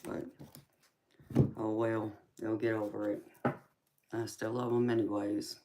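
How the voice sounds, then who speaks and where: Her voice is very deep and dark in tone, with little pitch movement and a slightly slow pace. A Southern woman with a thick accent, she reads tarot on a live stream, chatting casually, using pet names like baby and darling, and laughing often between remarks.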